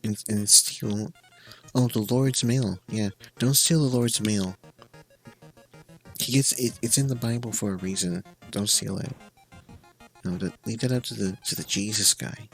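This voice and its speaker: A man's voice: lowish voice, unhurried, vocal fry, soft background music. A young man streaming a game, rambling in a casual, profane, jokey way. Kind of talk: casual live-stream chat while gaming.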